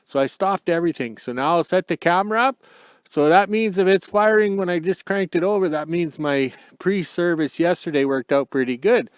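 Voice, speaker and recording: High-voiced man, folksy, outdoors. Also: moderate pace, clear, resonant tone, no echo, studio quality. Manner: folksy, joking, ends sentences with "eh". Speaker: vlogger. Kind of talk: casual rambling outdoor vlog. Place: outdoors in the cold countryside. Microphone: phone camera.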